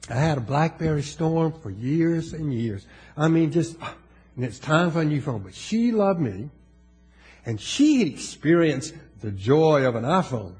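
High-voiced Southern preacher man. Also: big pitch swings, unhurried, a little mellow, soft background music. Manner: folksy, joking asides, rises in emphasis. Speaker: pastor. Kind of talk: sermon.

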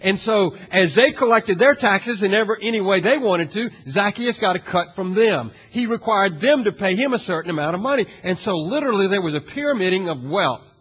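A man's voice: sits high, lively intonation, fairly quick, few pauses, slightly rough. Dramatic preacher man in a hall. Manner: dramatic, asks the audience questions, swings from hushed to loud. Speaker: pastor. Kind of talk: sermon. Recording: long hall reverb.

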